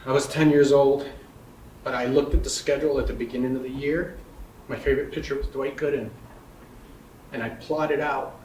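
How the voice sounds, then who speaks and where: A man telling a childhood memory in plain, steady storytelling. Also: medium pitch. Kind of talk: personal recollection. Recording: roomy, distant, faint noise.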